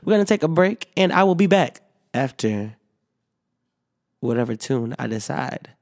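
A man's voice: medium pitch, very animated, moderate pace, creaky, no echo. Tired guy talking on his podcast, kinda sick, swears a lot, um-ing, mid voice, dry mic. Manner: rambling, profane, frequent fillers and restarts. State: sleepy, yawning; slightly sick. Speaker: podcast host. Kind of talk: casual solo podcast monologue.

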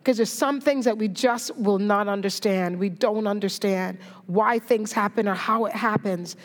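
A woman's voice: medium pitch, moderate pace. A woman preacher giving a sermon, telling a story and encouraging her listeners in an earnest way. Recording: echoey hall reverb.

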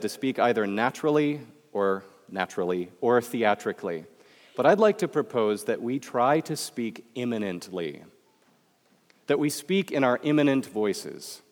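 A man preaching a chapel sermon, moving between emphatic lines and hushed, quiet ones. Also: medium pitch. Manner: expressive, swings between emphatic and hushed delivery. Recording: long chapel reverb.

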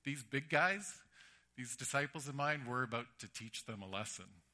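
A man voicing a kindly, playful teacher figure in a retold story, speaking low, soft and slow. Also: expressive.

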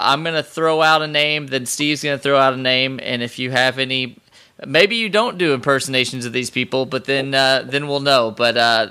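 A male podcast co-host who sets up a segment politely and deliberately. His voice is smooth and bright. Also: medium pitch. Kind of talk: casual podcast chat.

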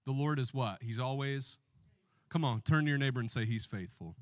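A man's voice: medium pitch, moderate pace, no room sound. A man preaching a sermon as pastor in a church, joking with the congregation and calling for responses.

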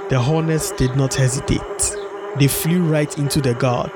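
A man narrating a folktale in a steady storybook read-aloud. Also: mid-range voice, moderate pace, background noise.

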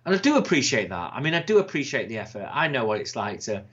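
A man co-hosting a podcast in casual, sweary, animated chat. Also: medium pitch, quick pace, slightly rough. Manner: sweary, animated, slips into impressions. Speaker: podcast co-host. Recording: slightly dull lo-fi sound.

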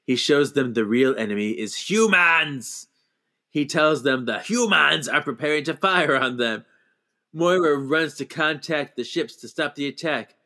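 A man's voice: on the high side, lively intonation, unhurried, pushed and bright. Laughing male podcast co-host. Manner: retells scenes with mocking voices and laughs. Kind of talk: casual movie recap chat.

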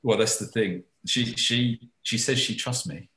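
A man's voice: mid-range voice, a little slow, bright, forceful tone, roomy sound. A man in casual podcast chat as a guest, rambling and swearing casually.

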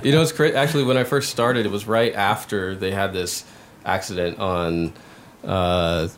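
A man's voice: low-pitched, steady tone, normal speed, a little hiss or hum. A man guest on a casual podcast, telling stories about an old job and laughing as he talks. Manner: storytelling, laughs while talking. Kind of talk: casual chat. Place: abroad in the UK, remote.

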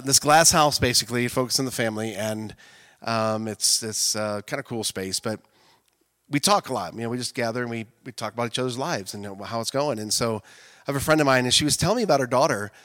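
A man preaching a conversational sermon, casual and talkative, breaking into loud impassioned shouts. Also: mid-range voice, brisk, no room sound. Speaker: speaker at a women's event.

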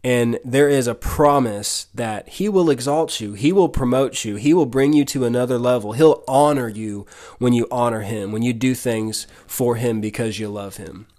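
A man's voice: mid-range voice, moderate pace, darkish tone. A man hosting a devotional podcast, talking earnestly and directly to the listener in a preacher-like way. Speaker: podcast host.

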